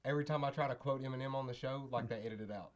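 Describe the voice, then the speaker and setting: A man's voice: mid-range voice, very fast, a crowd in the background. A man hosting a live stream, bantering and teasing his guests in a playful way. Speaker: host.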